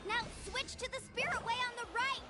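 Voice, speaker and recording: A woman's voice: on the high side, sing-song, moderate pace, a bit bright, slight background noise. A young woman voicing a confident, upbeat guide in game dialogue, cheerful and reassuring, who calls out commands to her companions.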